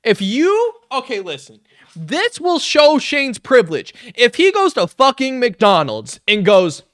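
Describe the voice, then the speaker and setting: A man's voice: extremely high pitch, wildly swooping pitch, unhurried, a bit bright, no room sound, clean studio sound. A man reacting to a video with mocking, sarcastic, profane commentary. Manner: mocking, sarcastic, swears a lot.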